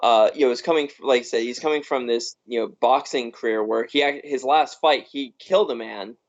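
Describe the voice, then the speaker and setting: A man's voice: medium pitch, a little fast. Rambling man on a muffled podcast. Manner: rambling, restarts, frequent laughs. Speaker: podcast co-host. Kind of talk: casual film review chat. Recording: muffled lo-fi live stream audio.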